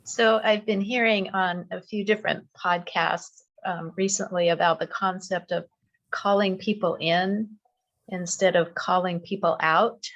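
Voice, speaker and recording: A woman in a church class sharing a thoughtful comment, measured with pauses. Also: lowish voice, steady tone, fairly bright tone, highs cut off. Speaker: class participant.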